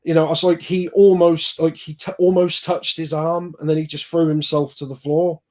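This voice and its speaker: A man co-hosting a football podcast, talking in an animated, exasperated way and thinking out loud. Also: a little high, normal speed. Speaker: podcast co-host. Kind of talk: casual football chat.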